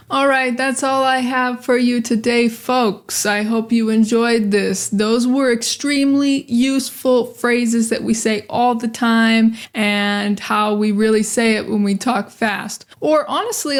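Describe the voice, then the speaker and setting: A young American woman leads a pronunciation lesson with a fairly high voice. She drills each phrase by saying it again and again, direct and energetic. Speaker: English pronunciation teacher.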